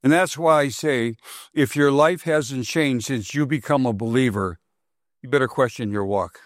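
A man preaching a sermon, his voice sitting at an ordinary middle pitch. He repeats key phrases for weight and turns questions out to the congregation. The sound is dry and close, with no room echo. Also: moderate pace. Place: congregation hall.

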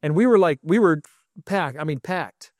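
A middle-aged man delivers a sermon with animated energy, stumbling and repeating words as he teaches. His voice sits high for a man. The sound is dry and close, with no room echo. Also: normal speed. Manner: animated, restarts and repeats words, raises voice for quotes.

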